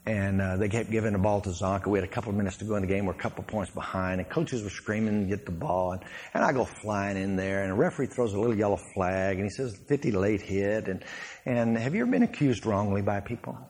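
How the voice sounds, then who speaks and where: A man, a former pro football player, telling stories from his playing days as a sermon to a congregation, laughing and shouting his punchlines. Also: lowish voice, fast talker, breathy edge.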